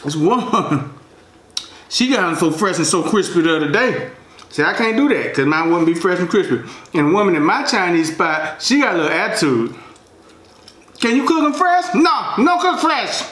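Man, relaxed slangy mukbang chatter, talks while chewing, roomy echoey room at home. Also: a little high, normal speed. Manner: laid-back, chatty, slangy, talks between bites. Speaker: food vlogger. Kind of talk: casual mukbang chat while eating. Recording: roomy echo.

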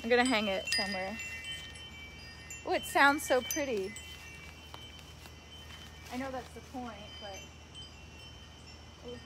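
A young woman vlogger gushing excitedly as she unboxes a gift haul at home, talking to her viewers and the giver. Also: on the high side, takes it slowly, pauses often, heavy background noise. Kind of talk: casual vlog unboxing. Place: home, later outdoors by a tree.

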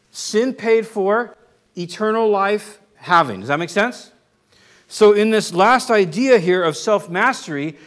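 A man preaching in an informal, conversational way, often pausing to check in with his congregation. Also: high-pitched, a bit bright. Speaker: pastor. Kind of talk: conversational sermon.

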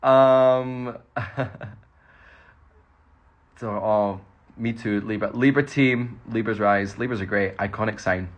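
A man's voice: medium pitch, steady tone, takes it slowly, long pauses, muffled recording. A Scottish man, an actor, rambling cheerfully through fan questions in a casual phone livestream. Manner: chatty, rambling, laughs often.

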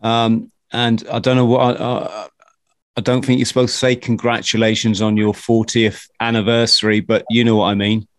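A man hosting a podcast interview, talking casually in halting bursts with many restarts. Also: on the low side, level tone, dry recording. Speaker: podcast host.

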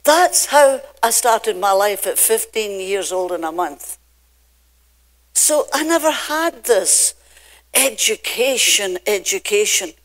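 Standing at a church pulpit, an older woman pastor from Scotland preaches with a Scottish accent and lively intonation in a mid-range voice. Her delivery is emphatic and drawn out, alternating loud and soft passages.

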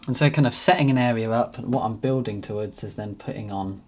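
A man narrating a painting demonstration as he works, relaxed and thinking aloud. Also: lowish voice, fast. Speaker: painting teacher.

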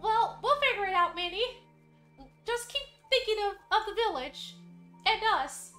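A cheerful male cartoon mouse hero, played by a woman speaks in a high, lively, bright voice. He is earnest and reassuring, with soft game music playing behind. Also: unhurried, reverberant, full character voice. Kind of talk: reading game dialogue aloud in character.

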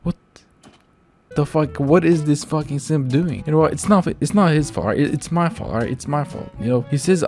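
Mellow-voiced man doing excitable gameplay commentary. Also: a little high, brisk, soft background music. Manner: excitable, swears a lot, laughs often. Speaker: gaming YouTuber.

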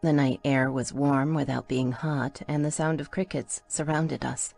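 Woman audiobook narrator, low voice, gravelly fry, soft music underneath. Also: steady tone, a little slow. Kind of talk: first-person audiobook narration.

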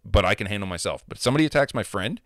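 Low-voiced man in a profane gaming rant. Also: animated, very fast, no room sound, clean studio sound. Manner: profane, heated, emphatic. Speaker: gamer. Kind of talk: casual rant.

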